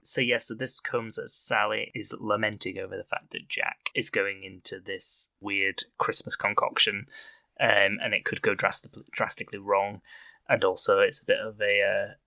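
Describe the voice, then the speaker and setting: A man hosts a relaxed film podcast in a lowish voice with a bright, forceful edge. He is chatty and giggly, often breaking into laughter mid-sentence. The sound is dry and close. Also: moderate pace, vocal fry, dry recording. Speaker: podcast host. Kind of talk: casual film podcast chat.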